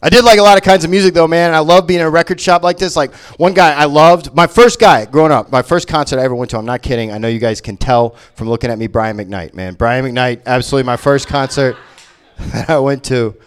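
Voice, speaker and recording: A man's voice: mid-range voice, fast talker, clean tone. A man from Memphis doing a self-deprecating, rambling stand-up set in a shop venue. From Memphis, Tennessee. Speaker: stand-up comic. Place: comic book shop venue.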